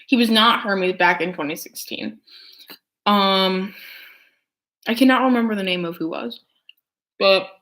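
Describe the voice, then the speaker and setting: Chatting casually as she eats, this young adult vlogger rambles with many filler words. She has a medium, fairly bright voice and a measured pace, pausing often.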